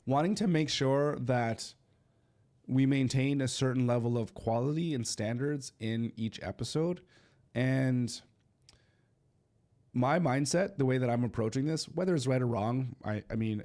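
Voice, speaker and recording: A man with a stuffy nose hosts a casual livestream from a home studio in eastern Canada. His voice is medium in pitch and a little mellow, and he chats loosely with lots of fillers and restarts.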